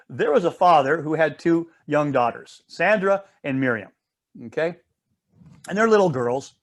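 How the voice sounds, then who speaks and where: A man's voice: fairly high pitch, unhurried. A man leading a Bible study, teaching casually through a story and checking in with listeners often.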